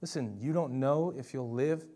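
A man's voice: medium pitch, normal speed, warm tone. A young adult man preaching a sermon in a conversational, emphatic way, often asking the listeners rhetorical questions.

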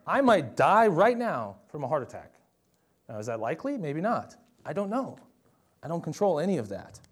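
A man's voice: fairly high pitch, very animated, moderate pace, slightly rough. A young adult man preaching a sermon in a conversational, emphatic way, often asking the listeners rhetorical questions.

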